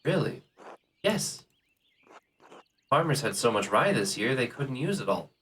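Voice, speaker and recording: A man's voice: mid-range voice, very animated, unhurried, fairly bright tone, a little hiss or hum. A man streaming a video game, chatting casually and reading characters' lines aloud in his own voice.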